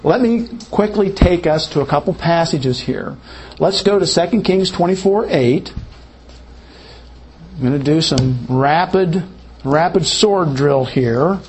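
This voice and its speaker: A man teaching a Bible study lesson in an unhurried, explanatory way, correcting himself as he goes. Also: fairly high pitch, animated, a little mellow, a little hiss or hum.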